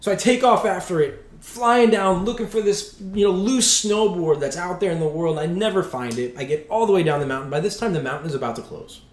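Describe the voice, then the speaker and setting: Male pastor, 40s, animated self-mocking storyteller, slightly high voice, roomy hall echo. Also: fairly quick, hardly any pauses. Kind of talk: storytelling sermon.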